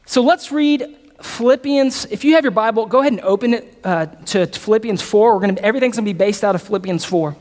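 A man's voice: high-pitched, fast, a little mellow. A man preaching a sermon as pastor, repeating phrases, building emphasis and putting questions to his audience. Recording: long reverb of a large hall.

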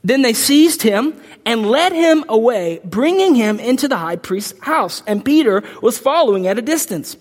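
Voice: medium pitch, sing-song, normal speed. A preacher giving an emphatic sermon to a congregation, reading scripture aloud and stumbling now and then over the words. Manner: emphatic, impassioned delivery. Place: large hall with a congregation. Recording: long hall reverb.

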